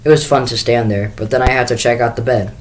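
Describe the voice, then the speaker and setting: A man's voice: medium pitch, steady tone, quick pace, rough recording. A man reading a children's book aloud in first person, with the occasional small restart. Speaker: school staff reader.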